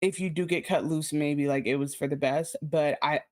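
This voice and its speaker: A woman's voice: low voice, fairly even intonation, moderate pace, a little mellow. A woman co-hosting a podcast, chatting casually about a TV episode with rambling, self-interrupting asides. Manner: rambling, many restarts, giggly asides. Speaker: podcast co-host. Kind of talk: casual TV recap chat.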